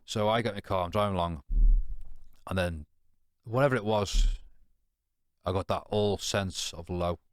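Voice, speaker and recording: Deep and resonant, this man's voice comes across clearly at a moderate pace in a dry, studio-quality recording. As a podcast guest, he shares a frank personal story in casual British slang, swearing bluntly. He keeps rambling, restarting, and filling gaps, repeatedly checking "you know what I mean".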